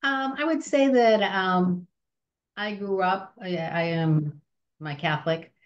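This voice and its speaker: Animated woman telling stories, lo-fi. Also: mid-range voice, takes it slowly. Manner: animated, acts out voices in anecdotes, many restarts. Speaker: film company president, guest. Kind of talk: conversational storytelling.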